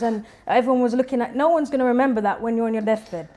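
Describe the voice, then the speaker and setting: A young woman, a singer-songwriter, chatting as a guest in an interview and telling stories with lively quoted voices. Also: a little high, quick pace. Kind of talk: casual interview chat.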